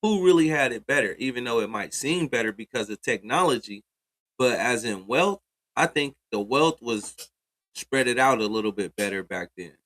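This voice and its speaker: A man with an everyday mid-range voice talks through ideas in relaxed, slangy speech on a casual talk show. He gets animated when he pushes a point home. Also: medium pitch, normal speed, low-quality recording. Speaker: co-host. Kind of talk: casual podcast discussion.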